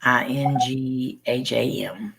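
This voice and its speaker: A man co-hosting a casual livestream, chatting with viewers, laughing often and spelling words out slowly. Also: medium pitch, creaky, fairly bright tone, a little hiss or hum, rough recording. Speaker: livestream co-host.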